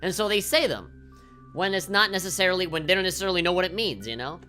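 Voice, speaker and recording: A woman's voice: on the low side, quick pace, sharp tone, soft background music. A woman game streamer ranting on a livestream, swearing often and heated, with lots of fillers.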